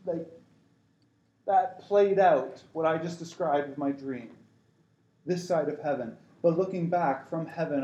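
A man's voice: high voice, mellow. Man preaching in an echoey room. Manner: rambling, many restarts, exhortative. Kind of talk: sermon.

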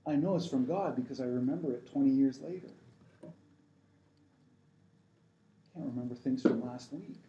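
A man's voice: mid-range voice, moderate pace, pauses often, warm tone, echoey room, lo-fi sound, slight background noise. A middle-aged man preaching, urging his listeners on and often restarting his sentences as he rambles through a dream story. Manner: rambling, many restarts, exhortative. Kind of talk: sermon.

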